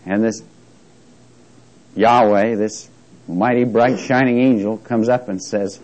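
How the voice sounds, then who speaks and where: A man teaching an interactive Bible lesson, who reads scripture slowly with emphasis and jokes with his class. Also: lowish voice, steady tone, darkish tone, rough recording.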